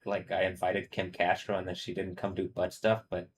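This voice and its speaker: A man with a low, monotone voice speaks at a moderate pace over slight background noise. He's a livestream host on a casual stream, rambling, talking over himself, leaning heavily on fillers, and laughing often.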